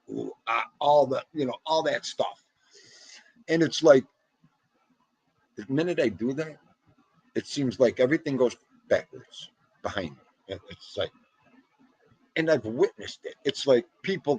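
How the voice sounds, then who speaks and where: Gravelly North Jersey man on a livestream. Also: fairly low pitch, dry recording. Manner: rambling, animated, Italian-American slang. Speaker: livestream host reading chat. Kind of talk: casual livestream chat.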